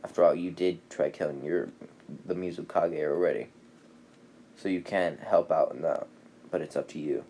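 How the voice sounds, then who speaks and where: A man voicing an overpowered, cocky teenage boy ninja in a casually retold fan story, speaking in a calm, matter-of-fact way. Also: very deep voice, normal speed, pauses often, a little hiss or hum. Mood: cool.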